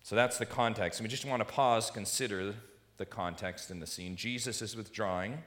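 A man's voice: fairly low pitch, normal speed, a bit bright. A man preaching an expository sermon, stressing points and putting rhetorical questions to his congregation. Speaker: pastor.

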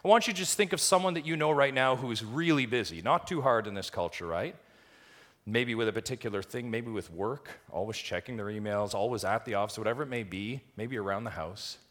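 Delivering a fairly quick sermon in a lowish voice, this pastor alternates hushed passages with loud, climbing lines. His preaching is emphatic and full of rhetorical questions.

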